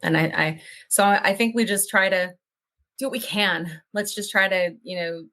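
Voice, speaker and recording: A woman's voice: mid-range voice, normal speed, sharp tone. A woman hosting a podcast, talking casually in long, earnest, hopeful run-on thoughts. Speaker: podcast host.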